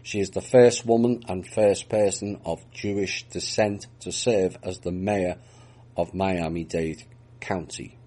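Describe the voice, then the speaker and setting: A man's voice: low-pitched, fairly even intonation, measured pace, warm tone. A man reading out news reports and adding dry, mocking remarks of his own between the items. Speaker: news commentator.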